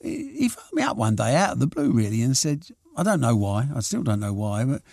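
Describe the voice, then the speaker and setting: An older man, a promoter, telling anecdotes in an interview, lively and full of restarts as he acts out what people said. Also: mid-range voice, brisk, vocal fry, no echo, studio quality. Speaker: boxing and snooker promoter. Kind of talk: reminiscing interview answers.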